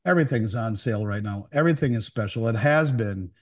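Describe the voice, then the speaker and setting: A man's voice: on the low side, fast talker. A man speaking as a guest over a call, blunt and opinionated. He rambles and stumbles through restarts before landing his point. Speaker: precious metals dealer guest. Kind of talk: casual chat. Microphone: remote call.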